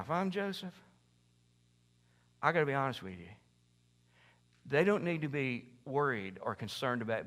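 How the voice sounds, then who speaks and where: A male pastor preaching a sermon and telling a story in an animated way, swinging from hushed to loud. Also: mid-range voice. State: overheated in a sweatshirt.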